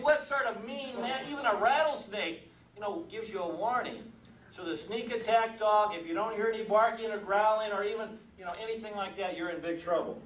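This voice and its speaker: An older man giving a humorous speech about his work as a mailman, animated, chuckling at his own jokes and acting out sounds. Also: high-pitched, a little hiss or hum. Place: meeting room with audience. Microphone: far room mic. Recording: echoey room from far off.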